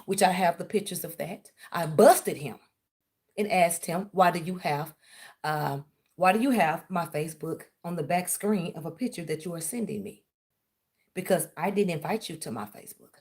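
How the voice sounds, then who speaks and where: A woman's voice: lowish voice, moderate pace, a little mellow. A woman, ranting on her vlog and sarcastically accusing someone of spying on her. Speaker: vlogger. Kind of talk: confrontational callout rant.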